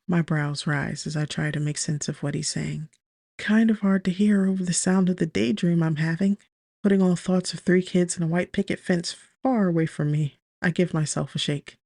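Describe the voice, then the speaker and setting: A woman narrating a first-person romance audiobook in a lively, bubbly way, with sudden high exclamations, on a close studio mic. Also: normal speed, creaky, no room sound.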